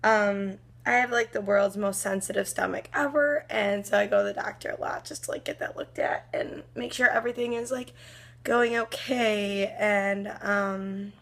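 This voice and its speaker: A woman's voice: medium pitch, vocal fry. A young woman in her twenties vlogging at home in the morning, chatting in a rambling way full of fillers, with a groggy morning voice. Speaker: fitness vlogger. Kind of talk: casual morning vlog chat.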